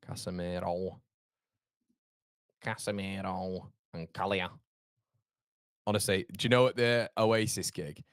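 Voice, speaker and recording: A low-pitched man hosts a live football watchalong, talking to his chat in a loose, rambling way. He laughs easily and jumps between thoughts. His voice is close and dry, with no room sound. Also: steady tone, unhurried, long pauses, clear, resonant tone, no echo. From York, England. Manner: chatty, rambling, laughs often. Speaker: watchalong host.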